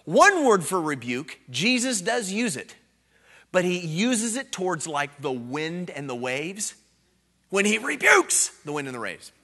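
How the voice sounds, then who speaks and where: A man preaching a revival sermon as an evangelist, earnest and self-deprecating, dropping to hushed storytelling and rising to loud emphatic bursts. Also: on the high side.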